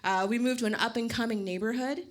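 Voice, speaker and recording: A woman doing a stand-up routine with a dry, deadpan delivery. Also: fairly high pitch, fast. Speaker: stand-up comedian. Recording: stage mic with loud room noise.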